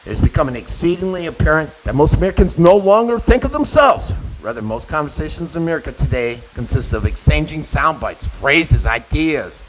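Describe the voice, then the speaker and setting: A man's voice: on the high side, expressive, a little fast, hardly any pauses. A middle-aged man hosting a radio show, delivering an indignant opinion monologue with sarcastic asides. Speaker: radio host. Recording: dull lo-fi with faint hiss.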